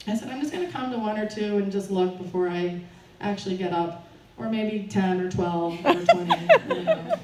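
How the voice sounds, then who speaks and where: A woman's voice: medium pitch, sing-song, moderate pace, hardly any pauses, mellow. A woman telling a personal story to a live audience at a fundraiser, nervous and often laughing. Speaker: speaker at a fundraiser. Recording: roomy, distant, faint background noise.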